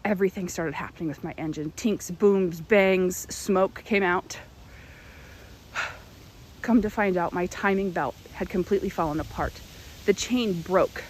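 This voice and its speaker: A young woman telling a personal testimony in an animated storytelling manner. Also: fairly low pitch, slight background noise.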